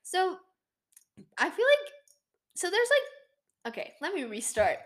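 A teenage woman co-hosting a podcast in casual chat, talking fast with lots of fillers and restarts. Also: very high-pitched, very animated. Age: teens. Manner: chatty, many "like" fillers and restarts. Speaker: podcast co-host.

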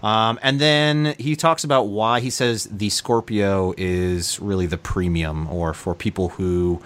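Low-voiced man in chatty podcast banter. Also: fairly even intonation, a little slow, a bit bright. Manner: laughs often, reads news notes with many ums. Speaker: podcast co-host. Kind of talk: casual podcast chat.

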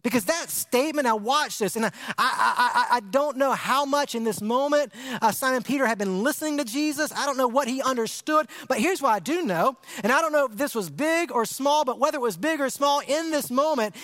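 A man's voice: very high-pitched, expressive, moderate pace, a bit bright. A man pastor preaching a conversational sermon, asking the congregation questions and often repeating words as he restarts phrases. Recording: long hall reverb.

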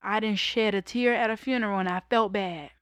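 A young woman candidly telling a personal story in a casual monologue, raw and conversational, breaking into loud laughter. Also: mid-range voice, steady tone, fairly quick, dry recording, clean studio sound. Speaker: vlogger.

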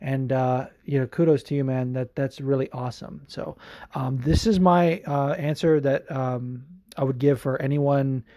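A man's voice: mid-range voice, fairly even intonation, moderate pace, warm tone, dry recording. A man hosting a podcast in casual chat, rambling with lots of fillers and swearing. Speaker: podcast host.

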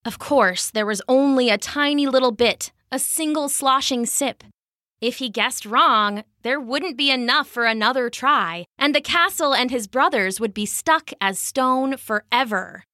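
A woman narrating a children's story in an animated, expressive storytelling manner. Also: sits high, unhurried, no echo, studio quality.

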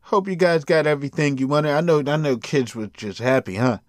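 A man's voice: on the high side, fairly quick, dry recording, clean studio sound. A tired man hosting a casual solo podcast, rambling loosely, swearing freely and chuckling between thoughts. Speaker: podcast host.

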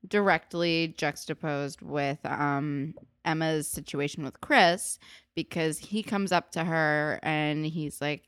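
A woman with a low voice co-hosting a casual podcast recap. Her talk is loose and full of filler words, and she slows down for emphasis. The sound is close and dry. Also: fairly even intonation, fairly bright tone, clean tone, no room sound. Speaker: podcast co-host.

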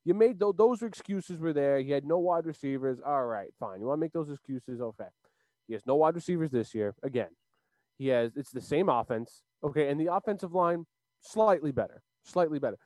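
A man's voice: a little high, expressive, brisk, a little mellow, no room sound, poor audio. A man co-hosting a sports podcast, giving blunt, emphatic opinions in casual talk.

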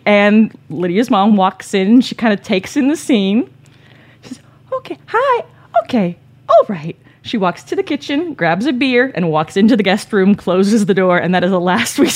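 A woman with a medium-pitched voice barely pauses as she tells a funny story about herself at normal speed. Her style is lively and conversational, heavy on "like" and "right?", with laughs between lines.

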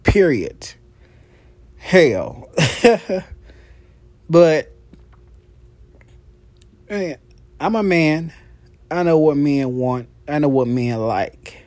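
A man's voice: a little high, animated, extremely slow, pauses often, a little mellow, dry recording. Brash, profane man podcasting. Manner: brash, profane and gossipy, laughing often. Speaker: podcast host. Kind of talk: casual monologue.

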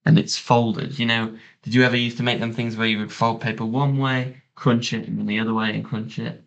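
A man's voice: mid-range voice, level tone, fairly quick, creaky, muffled recording. A man co-hosting a casual chat, joking and sceptical, chipping in with comic asides. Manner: joking, sceptical, laughs at his own bits. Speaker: podcast co-host. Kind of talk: casual banter.

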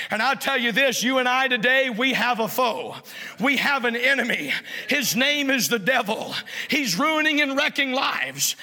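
High-voiced man preaching in a reverberant church. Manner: impassioned preaching, rising to shouts. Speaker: pastor. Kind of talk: sermon. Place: church sanctuary.

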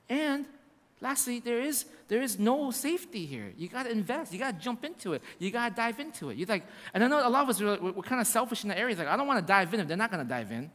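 A male pastor delivers a sermon in a high voice that swings widely in pitch. He repeats phrases for emphasis and acts out little asides. The voice carries a long hall reverb. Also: fast talker. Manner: animated, repetitive preaching with acted-out asides.

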